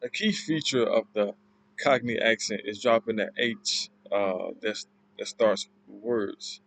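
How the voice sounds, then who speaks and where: A man giving an informal class presentation, explaining in a halting, loosely worded way. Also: lowish voice, fairly bright tone, low-quality recording. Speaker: student presenter.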